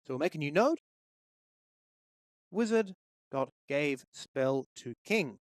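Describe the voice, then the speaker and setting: A man's voice: a little high, lively intonation, takes it slowly, no room sound. A man walking through a game development tutorial, explaining each step steadily into a close microphone. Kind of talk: screen-recorded tutorial.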